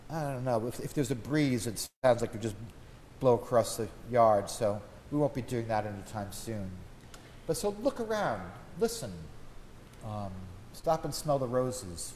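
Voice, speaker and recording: A man's voice: mid-range voice, expressive, moderate pace, a little mellow. A man preaching an informal sermon as a priest, chatty, with homely stories. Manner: conversational, folksy storytelling. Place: church. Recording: long church reverb, faint background hum.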